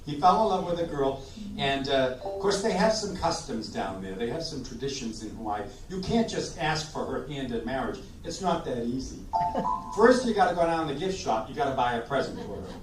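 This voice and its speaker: A man's voice: medium pitch, lively intonation, a little fast, noisy background. A man hosting a live oldies sing-along, chatting jokily between songs and coaxing the audience to join in. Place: community room at a senior living residence. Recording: roomy distant live recording with music.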